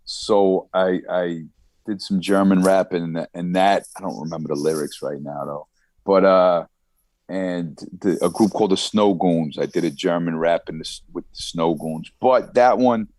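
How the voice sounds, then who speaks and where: A man with a Long Island accent talks loosely and at length as a podcast guest. His voice sits very low, and the recording is dry with no room sound. He stumbles over repeated words and laughs between phrases. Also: normal speed, a little mellow, no room sound. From United States. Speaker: guest rapper. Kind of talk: casual podcast conversation. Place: Germany.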